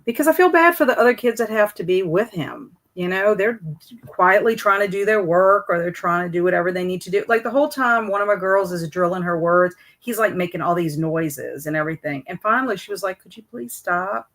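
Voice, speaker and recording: A woman's voice: mid-range voice, expressive, brisk, fairly bright tone. A middle-aged woman, chatting casually with viewers on her livestream and telling stories from teaching. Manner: chatty, reads out viewer comments. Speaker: host of a livestream.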